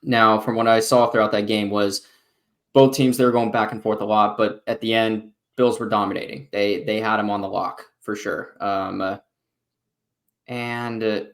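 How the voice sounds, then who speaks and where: A man's voice: fairly low pitch, little pitch movement, normal speed, fairly bright tone. A young man co-hosting a casual sports podcast, telling a story and acting out what he said with lots of filler words. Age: young adult. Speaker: podcast co-host.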